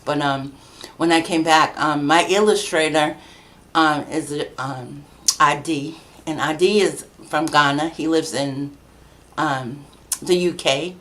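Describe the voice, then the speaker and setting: Middle-aged woman, low voice, chatty storyteller who laughs a lot and plays out the voices of people she quotes; a podcast guest. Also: slow, a bit bright. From New Bedford, Massachusetts, USA. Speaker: guest, children's book author. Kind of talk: casual conversational storytelling.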